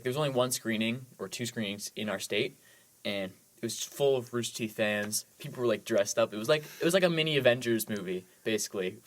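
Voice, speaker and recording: Enthusiastic young man, lowish voice. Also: fairly bright tone. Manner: enthusiastic, rambling with many "like"s. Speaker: podcast co-host. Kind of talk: casual movie podcast chat.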